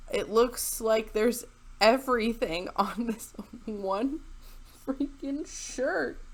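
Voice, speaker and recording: A woman's voice: fairly high pitch, animated, extremely slow, long pauses. A woman giving casual reaction commentary as a video host, sarcastic and incredulous, breaking into laughter often. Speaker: YouTube commentator.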